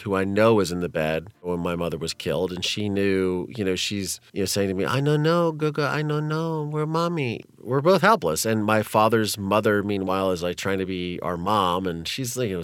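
A man's voice: on the low side, a bit bright, clean tone. A man tells his story in a candid, conversational way, breaking into nervous laughs and filling gaps with "you know". He sits close to a dry mic with no room echo. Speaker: guest telling his life story.

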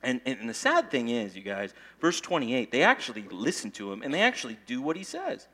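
A male pastor giving an animated, conversational sermon, often tagging his points with "okay?". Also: mid-range voice, brisk.

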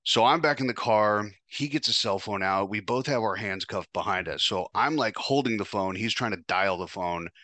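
A man's voice: fairly low pitch, moderate pace, hardly any pauses, pushed and bright, dry recording. A man hosting a podcast, telling a first-person story in a casual, profane, wry way. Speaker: podcast host.

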